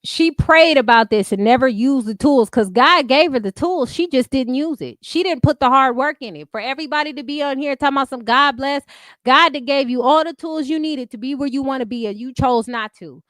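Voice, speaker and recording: A woman's voice: high-pitched, a little fast, fairly bright tone, dry recording, studio quality. A woman hosting an unscripted commentary stream, talking bluntly with heavy profanity and repeating her catchphrases.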